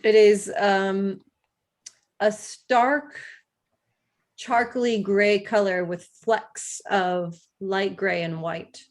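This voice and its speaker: Brief: woman game master, slow deliberate delivery, easy laughter. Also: mid-range voice, fairly even intonation. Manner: unhurried, laughs often. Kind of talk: narrating a tabletop game.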